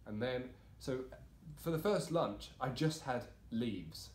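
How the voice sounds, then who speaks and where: A man's voice: medium pitch, animated, takes it slowly. A man in his twenties co-hosting a podcast, joking around playfully in casual banter. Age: 20s. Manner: playful, jumps into silly bits and banter. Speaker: podcast co-host. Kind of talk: casual comedic chat. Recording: roomy echo with faint noise.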